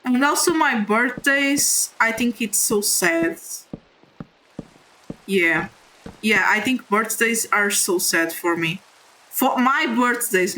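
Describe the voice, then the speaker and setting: A woman with a non-native English accent chatting candidly on a live stream while gaming, halting and apologetic. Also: fairly high pitch, sharp tone, poor audio.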